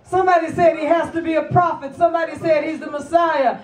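A woman bishop preaching a call-and-response sermon, swelling into shouts and sung phrases and acting out the Pharisees. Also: very high voice, steady tone, quick pace, crowd noise. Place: church service. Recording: echoey church with congregation, mic heard from a distance. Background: congregation responding, organ music.

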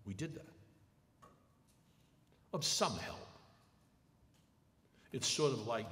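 Older guy lecturing, slow and emphatic, lots of pitch swing, echoey hall. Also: expressive, a bit bright, slight background noise. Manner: emphatic storytelling with acted quotes. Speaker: lecturer, attorney. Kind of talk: public lecture. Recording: echoey hall with long reverb.

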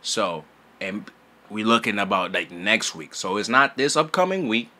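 A young man chatting to his subscribers about game news from his home setup. His voice sits slightly low, yet the tone is bright and forceful. He talks loudly and excitably, full of slang and constant "bro"s. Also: normal speed. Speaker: gaming YouTuber. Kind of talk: casual gaming news vlog.

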